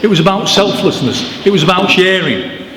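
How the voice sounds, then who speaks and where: Animated man speaking in a church. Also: high-pitched, normal speed. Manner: animated storyteller, emphatic, informal asides. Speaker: author giving a book launch talk. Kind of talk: public talk to an audience. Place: church hall. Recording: echoey church with long reverb, faint noise.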